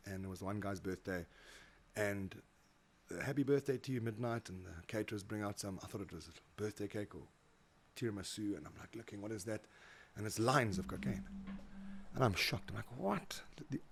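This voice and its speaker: A fast-talking South African man with a low voice tells his stories as a guest in a relaxed interview. He is animated and acts out the voices of the people he quotes, often repeating his words as he goes. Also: slight background noise. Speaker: guest, motivational speaker. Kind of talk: casual interview storytelling.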